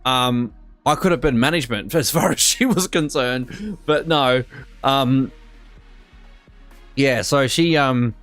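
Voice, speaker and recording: A man's voice: mid-range voice, slow, long pauses, fairly bright tone, no room sound, faint music behind. A young Australian man telling a work story in a casual, rambling way, full of fillers and restarts and getting indignant. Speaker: streamer.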